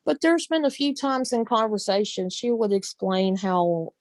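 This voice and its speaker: With a Southern accent, this woman from the Southern United States chats casually on her vlog in a mid-range, darkish voice with lively intonation and an unhurried pace. Laughter and folksy expressions come up often, and there's no room sound.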